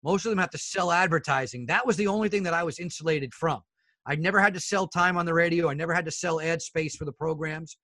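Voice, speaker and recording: A middle-aged man with a bright, somewhat high voice tells stories from his broadcasting career, recorded close and dry. He speaks with animation and puts on the voices of the people in his anecdotes. He calls his hosts "fellas.". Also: fast talker, no room sound. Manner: animated storyteller who acts out the other people in his stories. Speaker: guest, sports broadcaster. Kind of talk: casual interview storytelling.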